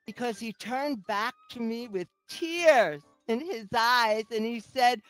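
A woman's voice: a little high, animated, measured pace, hardly any pauses, a bit bright, soft background music, poor audio. A middle-aged woman performing a teasing, sardonic stand-up comedy set as host. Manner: sardonic, teasing, mock-sweet asides.

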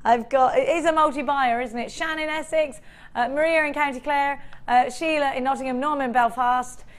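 Bubbly high-voiced shopping host. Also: female voice, fairly even intonation, normal speed. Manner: chatty, upbeat, bubbly selling. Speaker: shopping channel presenter. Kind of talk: live TV sales patter.

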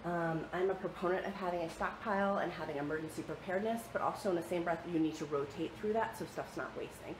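A young woman with a lilt talks through her kitchen in a relaxed, rambling way, filling pauses with ums. Her voice sits on the low side and sounds a bit nasal from a coming cold. The room is echoey, and steady household noise hums behind her. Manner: chatty, self-correcting, lots of ums. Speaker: vlogger. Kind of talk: casual home vlog walkthrough. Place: home kitchen and basement.

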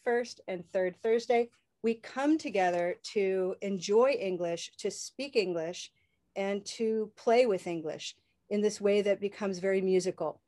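A woman's voice: mid-range voice, a little slow, dark tone. A woman teaching English pronunciation in a live online class, upbeat and leading call-and-response chants over a video call.

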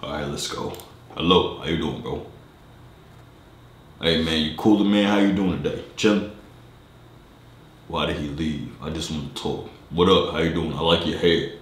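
A young man vlogger putting on a very deep, dark voice while he chats with strangers on video calls in laid-back slang. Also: normal speed, pauses often, echoey room, a little hiss or hum. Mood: chill. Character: super deep-voiced version of himself, a cool young man. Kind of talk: video chat prank.

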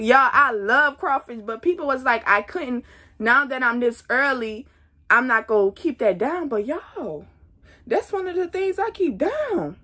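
Slow-talking young woman vlogger. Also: fairly high pitch, animated, sharp tone. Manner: chatty, talks straight to viewers as y'all. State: nauseous. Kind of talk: casual pregnancy update vlog.

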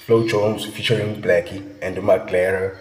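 Young South African guy, low voice, hyped slangy reaction chat, echoey reverberant room. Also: fairly even intonation, measured pace, soft background music. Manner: slangy, hyped, peppered with "bruh" and "you feel me". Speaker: music reaction vlogger.

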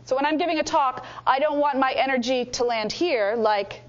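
A woman leading a speaking workshop, coaching the room with energetic instructions and playful demonstrations. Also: high-pitched, normal speed, few pauses. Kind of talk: lively teaching workshop. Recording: dull lo-fi room recording.

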